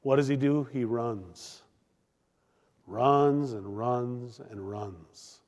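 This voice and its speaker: A pastor preaching a sermon, swinging between loud declaiming and hushed, drawn-out emphasis. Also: male voice, mid-range voice, in a large hall.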